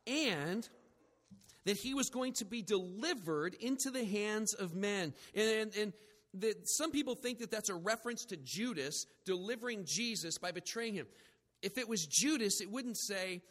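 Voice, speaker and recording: A man with a high voice preaches a sermon. He is animated, acts out the people he quotes and cracks jokes at his own expense. His voice rings with the long reverb of a church hall. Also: normal speed. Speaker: pastor.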